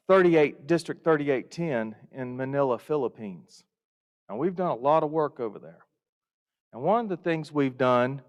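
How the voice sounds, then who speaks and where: A man giving a folksy storytelling welcome speech to a conference audience. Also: mid-range voice. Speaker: Rotary district leader. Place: conference hall. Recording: reverberant hall.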